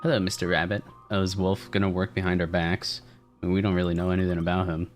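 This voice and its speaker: A man's voice: sits low, little pitch movement, fast, faint music behind. A man streaming a game demo review, making jokey, meme-filled asides. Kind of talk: live gameplay commentary.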